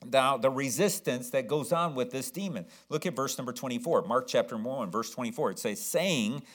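A man's voice: medium pitch, fairly quick, a bit bright. A man preaching a sermon as pastor, emphatic, repeating words and asking the congregation questions.

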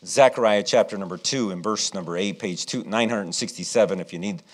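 A man's voice: fairly low pitch, fairly quick. Man preaching a story-filled sermon. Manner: animated storyteller, acting out quotes. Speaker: pastor.

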